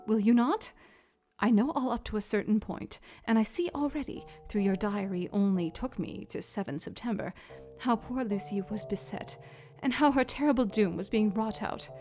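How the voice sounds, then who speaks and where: An actress playing an earnest, devoted young Victorian wife in a dramatized reading of a classic novel, speaking in a soft, formal way. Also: female voice, mid-range voice, natural voice.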